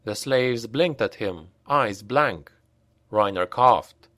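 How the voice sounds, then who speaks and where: Man reading an audiobook, slow, lively ups and downs, dry sound. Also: lowish voice, no echo. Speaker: audiobook narrator. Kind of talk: scripted audiobook narration.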